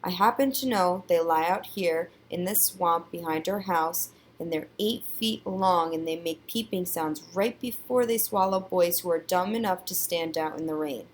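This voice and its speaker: A woman doing a deadpan, teasing dad. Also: fairly low pitch, normal speed, few pauses, a little hiss or hum, close to an everyday voice. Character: teasing, joking father.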